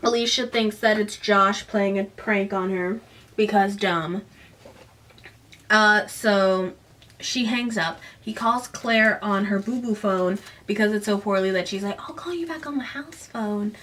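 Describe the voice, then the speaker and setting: A woman's voice: medium pitch, a bit bright, distant mic. A woman casually recapping a teen novel and reading passages aloud, often correcting herself mid-sentence. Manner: rambling, self-correcting, giggly asides. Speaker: book reviewer.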